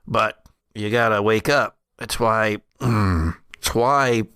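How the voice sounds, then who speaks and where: A man voicing a grim, dying old man in a wheelchair who talks slow and folksy, with coughs. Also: fairly low pitch, sharp tone, clean tone, no echo, clean studio sound, heavily acted.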